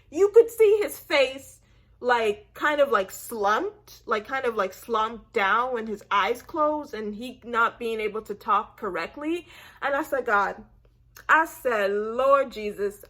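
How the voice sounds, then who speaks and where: High-voiced, animated woman vlogger. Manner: animated and emphatic, acting out her own reactions; chatty, heavy use of "like" and "I said". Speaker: TV recap vlogger. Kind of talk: casual TV episode recap.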